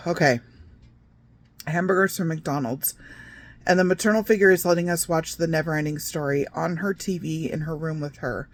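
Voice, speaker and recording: A woman's voice: low-pitched, slight background noise. A woman reading her own memoir aloud, breaking off often for wry, digressive asides spoken straight to her listeners. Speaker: memoir narrator.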